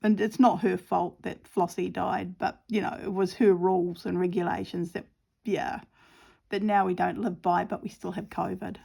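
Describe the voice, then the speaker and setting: A woman's voice: on the low side, little pitch movement, moderate pace, gravelly, darkish tone, slightly rough. A woman chatting casually while crafting at home, rambling and giggly with plenty of fillers. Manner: rambling, giggly and self-deprecating, lots of fillers. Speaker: craft channel host.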